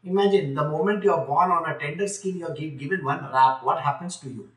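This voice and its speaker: A man's voice: a little high, fast talker, a bit bright, distant mic. A man explaining scripture to a live audience in a chatty way, often asking them questions. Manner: conversational, asks the audience questions, light jokes. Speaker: spiritual teacher. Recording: echoey room, speaker off-mic.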